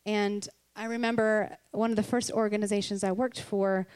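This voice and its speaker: A woman's voice: mid-range voice, level tone, normal speed, darkish tone, clear, resonant tone. A woman giving a candid, conversational Christian sermon, earnest and personal, with laughs between her points. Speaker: Christian speaker.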